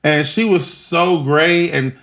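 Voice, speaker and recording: A young man being interviewed, telling animated stories and acting out the voices of people in them. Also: fairly high pitch, slow. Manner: animated, laughing, acts out voices in his stories. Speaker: guest. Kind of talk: casual storytelling interview.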